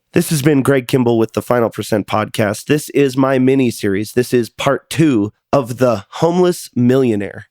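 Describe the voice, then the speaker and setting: A man's voice: medium pitch, darkish tone, dry recording, studio quality. A man hosting a podcast, telling a personal story in an earnest, confessional way and sometimes repeating words as he goes. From United States. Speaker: podcast host.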